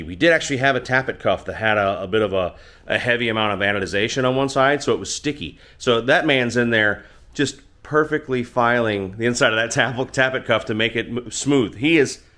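A man's voice: medium pitch, a bit bright. Middle-aged man, mid-range voice, casual rambling host, self-deprecating, recorded in a home garage. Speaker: motorcycle channel host. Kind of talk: casual storytelling to camera.

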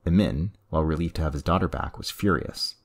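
A man reads a story aloud with a very deep voice. The tone is husky and gravelly, and the narration stays measured and even. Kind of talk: audiobook story reading.

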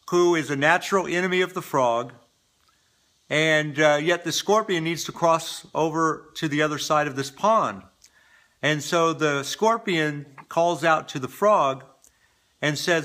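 A man tells a business story to camera in an informal, rambling way, often restarting his sentences. His voice is bright and sits a little high for a man. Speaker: business speaker.

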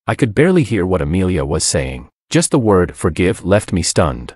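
A man reads a first-person story aloud, voicing every character himself with only light changes. His voice sits very low but swings widely up and down. The sound is dry and close, with no room around it. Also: big pitch swings, normal speed, few pauses, darkish tone, breathy edge, no echo. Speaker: narrator.

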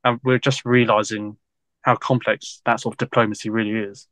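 A man's voice: lowish voice, flat delivery, normal speed, fairly bright tone, no room sound. A man, a guest historian in a casual podcast interview, talking in a loose, rambling way full of fillers and frequent laughs.

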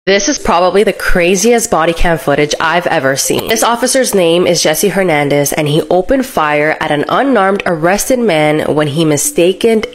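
Low-voiced woman narrating true crime. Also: expressive, normal speed, hardly any pauses.

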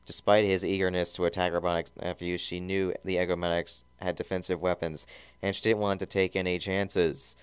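A man's voice: sits low, flat delivery, brisk, clean tone, no room sound. A man giving a mock-serious comedic reading of a fan fiction, often stumbling and correcting himself.

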